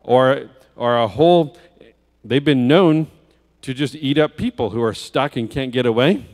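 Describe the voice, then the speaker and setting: A man's voice: medium pitch, expressive, a little slow, a little mellow. A man preaching as a guest speaker, telling a children's story in a church sanctuary with vivid detail and rhetorical questions. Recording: long church hall reverb.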